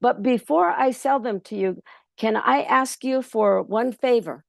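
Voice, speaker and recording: A woman's voice: a little high, a little slow, gravelly, no echo, clean studio sound, voice pushed up. A woman voicing a sly young male trickster farmhand who pleads politely and fakes panic. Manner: pleading, breathless when fooling the boss.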